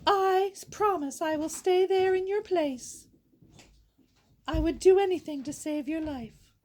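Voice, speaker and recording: Beauty, read by a woman, gently reassuring. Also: very high-pitched, unhurried. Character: kind devoted young woman, Beauty. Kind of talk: storytelling read-aloud.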